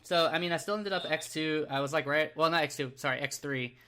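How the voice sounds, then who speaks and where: Laid-back American guy co-hosting a podcast, crisp bright voice, self-deprecating and chuckly. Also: a little high, quick pace. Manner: easygoing, self-deprecating, laughs often. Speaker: podcast co-host. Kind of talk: casual podcast chat.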